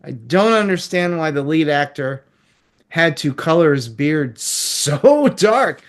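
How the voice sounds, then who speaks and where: A man's voice: a little high, very animated, takes it slowly. Rambling, chuckling male film reviewer. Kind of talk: casual chat.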